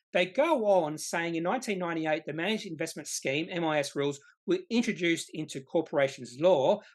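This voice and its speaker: A presenter of an investing channel explains a topic from slides, stressing key words and sometimes correcting himself mid-sentence. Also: mid-range voice. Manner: emphatic, repeats key words, occasional self-corrections. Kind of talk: slide-based explainer lesson.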